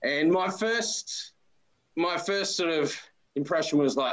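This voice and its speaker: A man in his forties with an Australian accent, a podcast guest telling relaxed, friendly stories. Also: on the high side, slow, rough recording. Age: 40s. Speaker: interview guest, amateur footballer. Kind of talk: casual interview storytelling.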